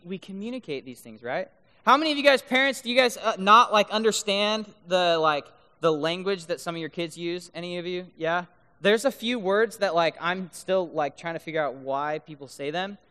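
A man giving a lively sermon to a live crowd, joking and keeps checking in with the crowd by asking "right?". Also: high-pitched, clean tone. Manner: mock-incredulous joking. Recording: long reverb of a big hall.

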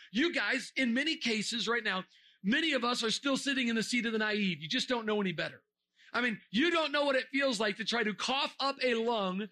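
A man delivers a lively sermon to a young audience, joking around and firing off rhetorical questions. His voice sits high and bright. He now and then breaks into a shout to drive a point home. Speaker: preacher.

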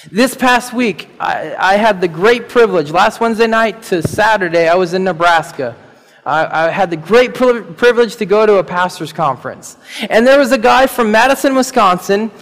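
A man preaching a sermon as pastor, animated and rising to emphatic peaks, chuckling between points. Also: high-pitched, big-room sound.

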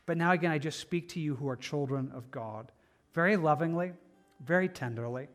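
A man pastor preaching a sermon, swinging between loud emphatic stretches and soft hushed ones. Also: on the high side, a little fast, faint music behind.

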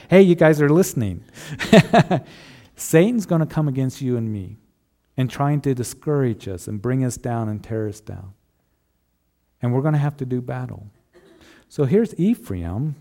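A man's voice: mid-range voice, expressive, moderate pace, dark tone. A man preaching a sermon as pastor, in a conversational way with rhetorical tag questions.

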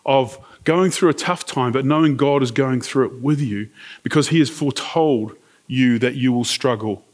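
A middle-aged man preaching a sermon, earnest and conversational, telling a personal story and asking the congregation questions. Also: mid-range voice. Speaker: pastor.

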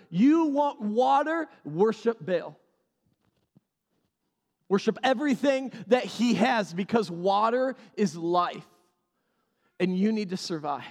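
A male pastor preaching a sermon, animated and repeating key phrases for emphasis. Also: sits high, big-room sound.

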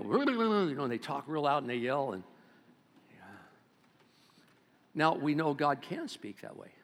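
A man in his seventies preaching a sermon as pastor, swinging between loud exclamations and hushed low-key talk. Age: 70s. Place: church sanctuary. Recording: long reverb of a church hall.

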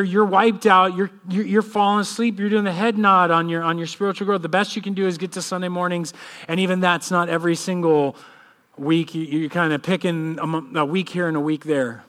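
A man in his thirties, a pastor, praying and then preaching with a lively personal story. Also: high-pitched. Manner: animated storytelling, acts out kids' voices. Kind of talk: sermon with prayer and personal story.

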